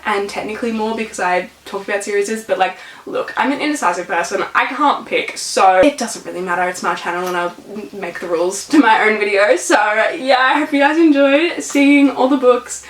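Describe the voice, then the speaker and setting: A woman's voice: medium pitch, slight background noise. A young woman vlogging casual book reviews, gushing and calling every book stunning and beautiful. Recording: echoey room.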